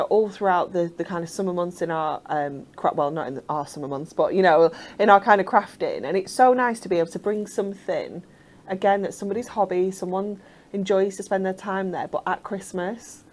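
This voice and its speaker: A woman's voice: lowish voice, normal speed, a little mellow. A woman co-presenting craft products, gushing with admiration. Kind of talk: enthusiastic product demonstration.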